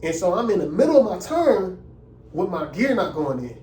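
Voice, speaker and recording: A young man telling a story in a casual, animated, indignant way and using lots of slang. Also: high voice, normal speed, reverberant, recorded from a distance, slight background noise. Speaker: vlogger.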